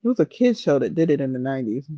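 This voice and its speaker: A man's voice: mid-range voice, big pitch swings, racing, mellow, no room sound, lo-fi sound. A man chiming in briefly during a casual podcast chat.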